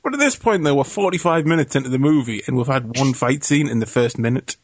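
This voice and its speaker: A man co-hosting a casual film review podcast, animated and mocking, swearing freely. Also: mid-range voice, quick pace, a little hiss or hum. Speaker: podcast co-host.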